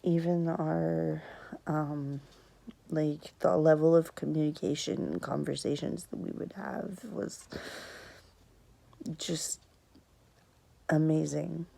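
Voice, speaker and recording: A young woman telling a personal story on camera, fighting back tears, speaking haltingly with many pauses and sometimes dropping to a whisper. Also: deep voice, steady tone, creaky, low-quality recording. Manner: soft, sometimes drops to a whisper. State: tearful, fighting back crying. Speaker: vlogger.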